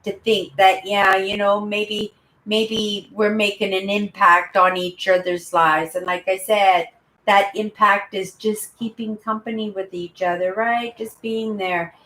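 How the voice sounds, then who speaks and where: A woman's voice: medium pitch, flat delivery, unhurried. Chatty woman, roomy echo. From Canada. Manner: rambling, chatty, keeps adding "right?"; self-described loud talker. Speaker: channel host. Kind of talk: casual live-stream chat.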